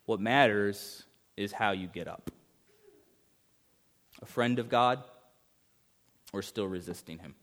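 A man preaching a sermon as pastor, emphatic, swinging between urgent rises and hushed passages. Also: lowish voice, slow, pauses often.

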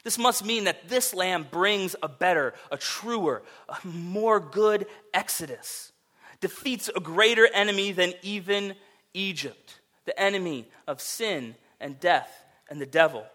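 A man preaching a sermon, telling a vivid second-person story that rises to loud, emphatic peaks. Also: sits high, expressive, measured pace. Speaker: pastor.

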